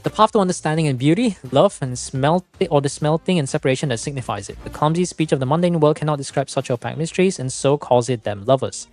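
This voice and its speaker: A streamer voicing a grand, solemn narrator of game lore, declaiming slowly with a put-on accent, over faint background music. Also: mid-range voice, expressive, darkish tone, close to an everyday voice. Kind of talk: dramatic reading of in-game text.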